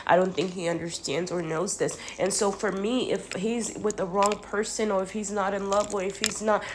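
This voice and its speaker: A woman's voice: mid-range voice, steady tone, normal speed, noisy background. A woman talking straight to camera in an earnest, rambling monologue, sounding congested and often restarting her sentences. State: congested from sinus trouble.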